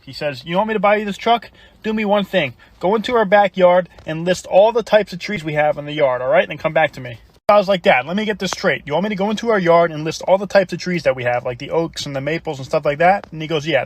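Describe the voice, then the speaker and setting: Fast-talking man telling jokes. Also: fairly high pitch. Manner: fast, punchline-driven delivery. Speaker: storyteller. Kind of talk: comedic joke telling.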